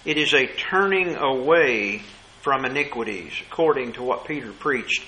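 A man preaching a sermon, asking rhetorical questions and slowing down to stress key words. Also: medium pitch, lively intonation, pushed and bright, a little hiss or hum, poor audio.

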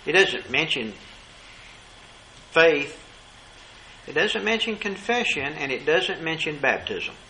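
Emphatic preacher man, bright voice. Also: on the high side, big pitch swings, a little hiss or hum, low-quality recording. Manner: emphatic, rhetorical questions, slows to stress key words. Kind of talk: sermon.

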